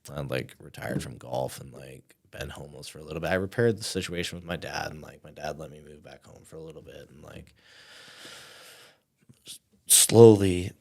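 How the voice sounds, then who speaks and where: A man's voice: a bass voice, moderate pace, creaky, darkish tone, husky. A man in his thirties, a podcast guest, telling a personal story in loose casual talk, full of fillers and dropping to near-whispers. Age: 30s.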